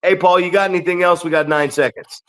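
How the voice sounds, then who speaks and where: A man's voice: high-pitched, quick pace. A man co-hosting a wrestling podcast, telling ring stories with lots of swearing and acted-out voices. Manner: animated storytelling, acts out voices, swears a lot. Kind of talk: casual podcast chat.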